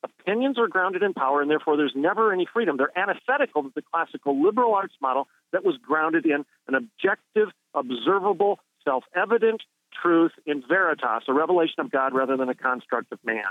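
Speaking by phone on a tinny line with no echo, a university president joins a radio interview. His voice is on the high side with lively intonation and a fairly quick pace. He presses his points emphatically, repeating them like a preacher.

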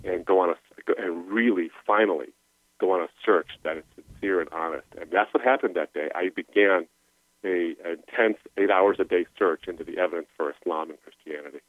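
A man's voice: low voice, brisk, dry recording. A middle-aged man telling his personal story as a guest, earnest and emotional, over a tinny phone line. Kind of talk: personal testimony.

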